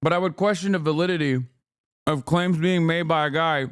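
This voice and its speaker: A man's voice: a little high, steady tone, a little fast, smooth. Profane combative streamer man. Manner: profane, combative rants at chat. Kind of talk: live-stream political commentary.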